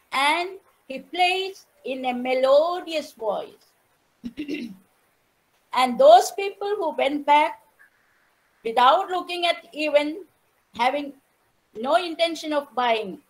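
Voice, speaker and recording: A woman with an Indian English accent giving an online lecture, telling a story slowly and putting questions to her audience. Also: high-pitched, poor audio. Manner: measured, repeats phrases, asks the audience questions. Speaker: teacher educator giving an online talk.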